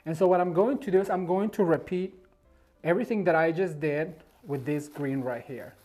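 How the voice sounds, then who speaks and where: A man's voice: on the high side, moderate pace, mellow, faint music behind. Effusive male decor host, chatty and encouraging, demonstrating at home. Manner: effusive, encouraging, gushes over the materials. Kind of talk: casual how-to demonstration. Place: at home beside a Christmas tree.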